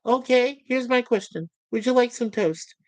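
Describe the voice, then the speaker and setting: This is a relentlessly chirpy talking toaster, put on by a woman, pitched up high and sing-song as he pushes breakfast on everyone. The voice is dry and close, with no room around it. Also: normal speed, darkish tone, dry recording, close to an everyday voice. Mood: wheedling. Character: chirpy, pushy male toaster obsessed with bread. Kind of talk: reading out sitcom scenes.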